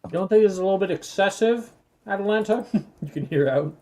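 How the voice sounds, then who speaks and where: Easygoing game master with a dark, mellow voice, narrating spell results to the table. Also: mid-range voice, fast. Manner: easygoing, laughs often, relaxed.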